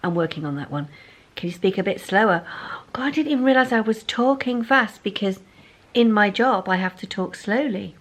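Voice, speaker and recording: A woman's voice: a little high, lively intonation, normal speed. A woman chatting casually in a sewing vlog, rambling and self-deprecating, talking into a phone at home. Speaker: sewing vlogger.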